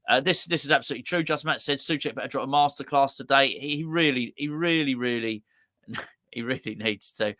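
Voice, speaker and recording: A man's voice: mid-range voice, bright, forceful tone, no room sound. A man hosting a live football fan stream, chatting loosely and reading out viewer comments with lots of stammered restarts. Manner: rambling, stammering restarts, chatty and self-deprecating. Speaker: host of fan channel watch-along.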